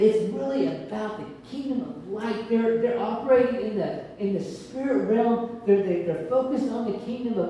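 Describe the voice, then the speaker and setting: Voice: mid-range voice, warm tone, slight background noise. Preacher, informal sermon, storyteller who plays the quotes; distant mic, long hall reverb. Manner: tells stories and acts out quoted characters. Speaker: preacher teaching on spiritual gifts.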